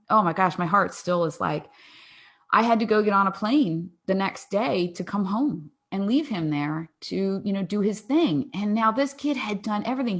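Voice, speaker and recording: Animated woman telling a family story. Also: mid-range voice. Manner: animated storyteller who acts out dialogue and laughs often. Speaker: podcast guest. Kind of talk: casual interview storytelling.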